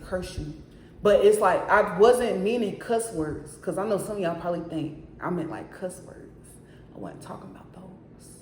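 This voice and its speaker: A woman in the middle of a casual storytime, speaking with emphasis and turning to her viewers over and over. Her voice sits at an ordinary pitch for a woman. The room around her is bare and echoey, as if she is filming at home. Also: darkish tone, a little hiss or hum. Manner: emphatic, keeps addressing viewers directly. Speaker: storyteller vlogger. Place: her own apartment.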